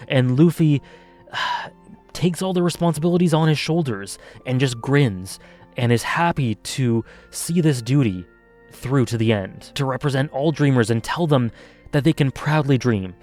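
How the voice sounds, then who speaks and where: Earnest guy doing a video review, passionate, normal mid voice, soft music under it. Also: medium pitch. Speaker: anime reviewer.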